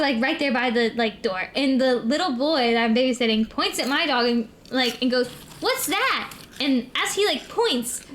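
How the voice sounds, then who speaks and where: A woman's voice: sits high, a bit bright. A young adult woman streamer telling a long rambling story in casual chat, full of "like" and "um". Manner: rambling, filler-heavy storytelling.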